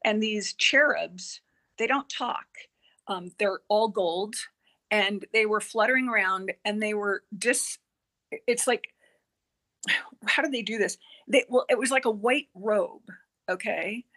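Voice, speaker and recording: A woman guest on a podcast telling a personal experience, earnest and halting, with many fillers and quoted dialogue. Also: medium pitch. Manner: earnest, halting, with frequent fillers and self-corrections; quotes herself and others in lively dialogue.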